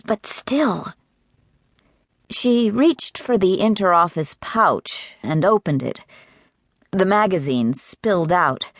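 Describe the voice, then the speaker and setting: A woman reading romance narration for an audiobook in a measured, even way. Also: sits low, no echo, studio quality.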